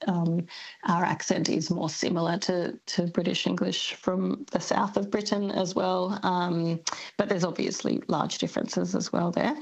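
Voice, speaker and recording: A woman's voice: lowish voice, creaky, slightly rough, low-quality recording. A woman linguistics academic being interviewed on the radio, speaking thoughtfully and hesitating with many ums.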